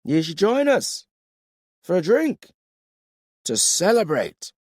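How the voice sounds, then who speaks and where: A man voicing a drunk, lovestruck young male warrior who talks in a slow, earnest drawl. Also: medium pitch, wildly swooping pitch, a little mellow, dry recording, studio quality, pitched above the performer's own voice.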